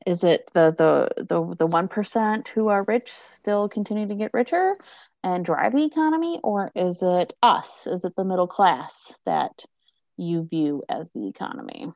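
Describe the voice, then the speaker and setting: A woman's voice: fairly low pitch, a little slow, vocal fry, darkish tone, no echo, dull audio. A woman co-hosting a podcast, posing a question to the group with hesitant fillers. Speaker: podcast co-host. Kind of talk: casual discussion.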